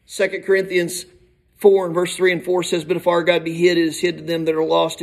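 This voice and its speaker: A man preaching a sermon, emphatic, swinging from soft asides to shouted appeals. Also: on the high side, rough recording.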